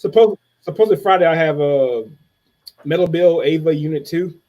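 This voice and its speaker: A man's voice: on the high side, normal speed, muffled recording. A man co-hosting a casual group chat, telling stories and acting out quoted lines. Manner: chatty storyteller, acts out quoted lines. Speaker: podcast co-host.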